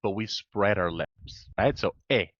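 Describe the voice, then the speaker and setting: A man's voice: on the low side, measured pace, a bit bright, no room sound, highs cut off. A man teaching English pronunciation one-on-one, patiently correcting and modeling sounds on a video call.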